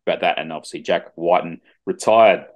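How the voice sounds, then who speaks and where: Low voiced guy on a video call, casual footy banter, jokey and relaxed. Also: fairly quick, highs cut off. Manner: laid-back, joking banter. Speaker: podcast co-host. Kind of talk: casual sports chat. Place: home, over a video call.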